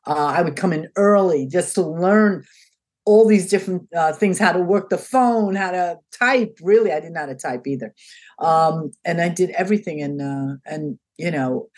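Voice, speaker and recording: A woman's voice: lowish voice, normal speed. An older woman being interviewed as a guest, telling a story in a casual way and acting out the lines of each person in it. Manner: animated, acts out quoted dialogue in changing voices.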